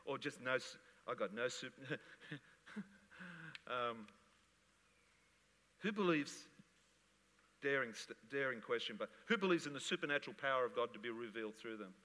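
A male pastor preaching with lively energy, his bright, forceful voice ringing out. The long reverb of a church hall trails after each line. He mixes jokes and laughter into his sermon. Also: medium pitch, moderate pace, pauses often.

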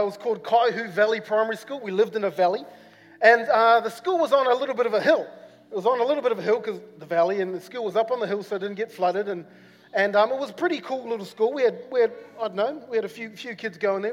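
A high-voiced man from New Zealand, a pastor with a New Zealand accent, talks fast through a sermon that wanders as a personal story full of fillers and repeats. The church hall gives the recording long reverb, with faint music underneath.

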